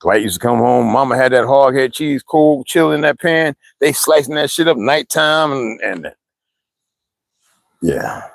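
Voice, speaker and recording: An older man from the East Coast chats with his livestream viewers, rambling and swearing freely. His pitch swings widely and stays animated as he talks. The sound is dry and close to the mic. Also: a little slow, creaky, dry recording, low-quality recording. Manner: rambling, profane, reading and answering chat. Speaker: livestream host. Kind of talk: casual livestream chat with viewers.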